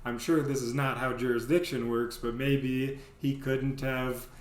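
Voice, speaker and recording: A man's voice: medium pitch, fairly even intonation, a little slow. A man telling a casual story to his vlog audience, rambling with lots of filler words. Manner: rambling, heavy on "you know" fillers. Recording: roomy echo.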